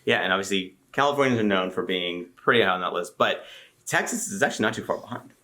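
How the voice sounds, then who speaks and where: A man's voice: low voice, expressive, fast, bright, forceful tone. A man realtor co-hosting a casual chat channel, easygoing and joking.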